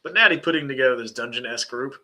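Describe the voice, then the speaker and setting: A man's voice: mid-range voice, rapid-fire, bright, forceful tone, slight background noise. A young man co-hosting a wrestling podcast, talking in a loose, joking way that often trails off and restarts. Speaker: podcast co-host. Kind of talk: casual chat.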